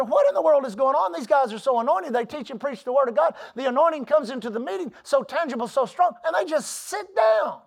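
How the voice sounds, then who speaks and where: A pastor preaching a sermon, emphatic, asking the congregation for an "Amen" and building from quiet asides to loud declarations. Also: mid-range voice.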